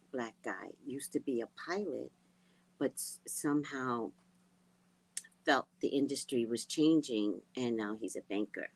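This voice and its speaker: Low-voiced chatty woman talking with viewers. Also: no room sound, poor audio. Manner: chatty, giggly, drifts between murmurs and loud outbursts. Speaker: livestream host. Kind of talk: casual chat with viewers.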